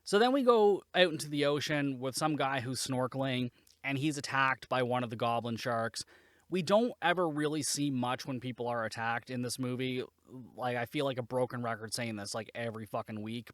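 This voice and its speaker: A man's voice: mid-range voice, a bit bright, no room sound, clean studio sound. A man hosting a podcast, giving a casual, rambling and sarcastic spoken review, swearing freely. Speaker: podcast host, movie reviewer.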